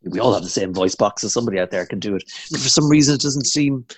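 A man's voice: lowish voice, expressive, quick pace, slightly rough, dry recording. A man, an impressionist guest, chatting casually and rambling with many fillers and restarts. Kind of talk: casual chat.

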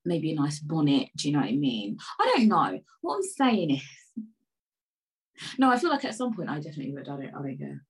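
A woman talks casually to camera while sipping tea, her voice sitting on the low side. She rambles from one thought to the next. She swings from loud, excited outbursts to quiet, muttered asides. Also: fairly quick, low-quality recording. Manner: sips tea while talking. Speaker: vlogger.

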